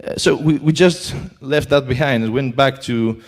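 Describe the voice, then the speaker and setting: A man's voice: medium pitch, moderate pace. Greek-accented man giving a conference talk. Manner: hesitant, many fillers. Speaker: conference speaker. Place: conference hall.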